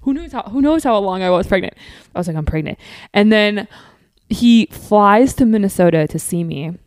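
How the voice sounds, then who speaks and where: A young woman tells a wild personal story on a podcast, swearing freely and jumping into quoted lines. Her voice sits at an ordinary pitch for a woman. The sound is dry and close to the mic. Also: no room sound. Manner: profane, animated, rapid storytelling with quoted asides. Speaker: podcast guest. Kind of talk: casual storytelling.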